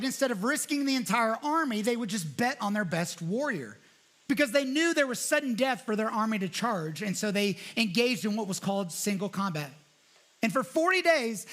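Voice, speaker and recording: A man's voice: sits high, fairly bright tone. A man preaching a sermon as a guest pastor, telling the story casually and acting out the quotes. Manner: storytelling, acts out quotes in voices; casual, conversational.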